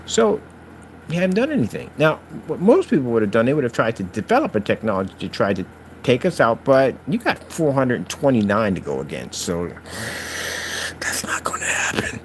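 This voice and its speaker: A man's voice: fairly quick, a little hiss or hum. A man hosting his own channel, talking straight to his critics in a mocking, preachy rant. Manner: taunting, preachy, lively swings in pitch. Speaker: channel host. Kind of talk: ranting vlog talk to critics.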